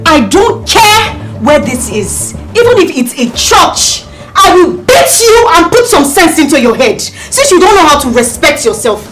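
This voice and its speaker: Fiery taunting woman, Nigerian accent, very high voice, lively pitch, music under. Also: unhurried, low-quality recording. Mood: defiant. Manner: loud, taunting, mocking. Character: fiery woman defending her man, brawling.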